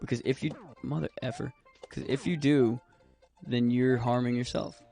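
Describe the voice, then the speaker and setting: Gravelly-voiced man rambling on a game stream. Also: medium pitch, fairly even intonation, moderate pace, mellow, soft background music. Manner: rambling, swears freely. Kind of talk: casual gaming stream chat.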